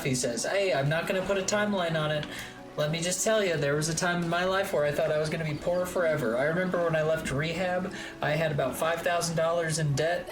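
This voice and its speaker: Low-voiced woman chatting on stream. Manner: chatty and rambling, swears freely. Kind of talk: casual chat while gaming. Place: home streaming room.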